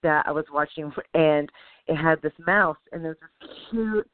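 A woman co-hosting a podcast, telling a story in a lively, animated way with sound effects and laughter. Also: low-pitched, a little slow, dry recording. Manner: animated, mimics sounds and voices, laughs often. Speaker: podcast co-host. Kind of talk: casual storytelling chat. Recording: tinny phone-like sound, dry.

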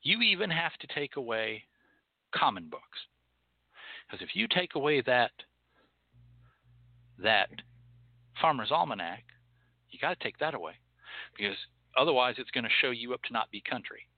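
A man's voice: medium pitch, sing-song, moderate pace, pauses often, no room sound. A man hosts a show and delivers an angry, profane, scolding monologue. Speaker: host of a hoodoo and rootwork show. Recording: tinny phone-like line, dry.

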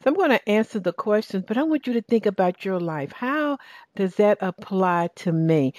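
A middle-aged woman with a Southern US drawl hosts a call-in coaching show. She talks slowly, in a lowish voice, with an encouraging tone and plenty of restarts. The sound is close and dry. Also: dry recording. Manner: warm, encouraging, with many restarts and fillers. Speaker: radio show host and life coach. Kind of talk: casual talk show hosting.

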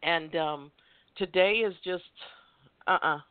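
A woman's voice: fairly low pitch, normal speed, dry recording. Woman host, upbeat motivational talker who stumbles and repeats, thin phone-line sound. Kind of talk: casual chat. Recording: dry tinny phone line.

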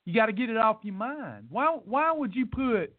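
A man hosting a weight loss podcast speaks at normal speed in a high, sing-song voice. His talk is a preachy motivational rant in which he bluntly scolds listeners and repeats points for emphasis. The audio is tinny and phone-like, with no room sound.

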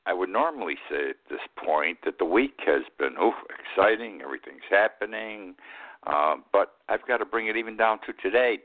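Man in his eighties, radio talk host, very low voice, plainspoken and opinionated, tinny phone-like sound. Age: 80s.

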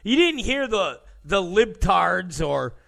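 A man's voice: sits high, sing-song, slow pace, vocal fry, a bit bright. A man hosting ranting political commentary, sarcastic and mocking, who mimics opponents in exaggerated voices.

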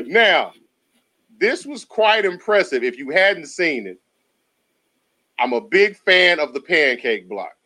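A man's voice: high-pitched, big pitch swings, extremely slow, long pauses, sharp tone. A man co-hosting a casual sports talk show, slangy and laughing often. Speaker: podcast co-host.

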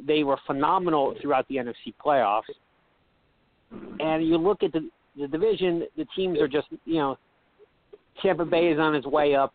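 A man co-hosting a sports radio talk show, mumbling and halting, repeating himself as he talks. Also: medium pitch, dry recording. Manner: halting, repeats words, hard to hear. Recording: dry, phone-like line.

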